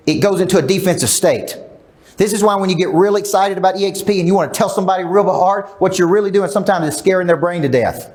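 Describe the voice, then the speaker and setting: A middle-aged man speaks as a sales coach at a live seminar, his voice sitting a little high for a man. He is emphatic and keeps asking the audience questions. He acts out quoted lines as he goes. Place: large event room.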